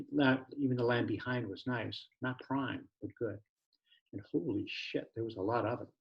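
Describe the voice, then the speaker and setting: Gravelly-voiced man narrating a novel. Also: medium pitch, lo-fi sound. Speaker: author reading his novel. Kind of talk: audiobook narration.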